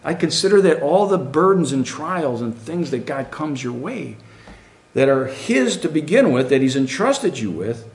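Middle-aged preacher guy, super animated, voice swings all over, keeps asking the crowd stuff. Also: a little high, normal speed. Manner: animated, rhetorical questions to the congregation. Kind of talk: sermon.

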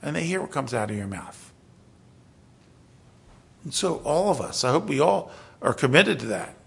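A man's voice: mid-range voice, sing-song, moderate pace, vocal fry, breathy edge. A man preaching a sermon, exhorting his listeners with emphatic, rising bursts.

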